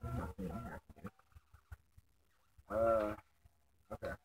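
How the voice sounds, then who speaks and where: Low-voiced swearing young gamer man. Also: takes it slowly, faint music behind, low-quality recording. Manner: profane, self-mocking, easily frustrated. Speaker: let's play gamer. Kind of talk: casual gameplay commentary.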